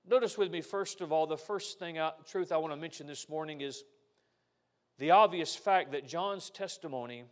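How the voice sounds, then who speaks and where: Man, pastor, high voice, earnest preaching, rhetorical questions. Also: fairly bright tone. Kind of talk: sermon.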